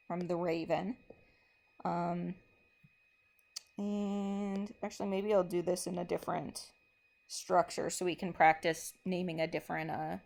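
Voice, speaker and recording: Slow, low-voiced woman teacher explaining. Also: creaky, darkish tone. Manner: methodical, step-by-step explaining while marking a board. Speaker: English teacher. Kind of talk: recorded classroom lesson.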